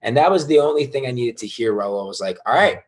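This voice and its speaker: A man in his thirties speaks as an interview guest, recounting his rise and fall with emphatic energy. His voice sits at an ordinary middle pitch, and his talk is loose and casual, with occasional swearing. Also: quick pace, darkish tone. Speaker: guest entrepreneur.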